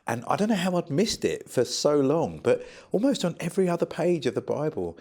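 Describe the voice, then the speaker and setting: Lively man telling stories. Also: on the high side, brisk. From United Kingdom. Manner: animated, humorous storyteller. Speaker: charity founder guest. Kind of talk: interview storytelling.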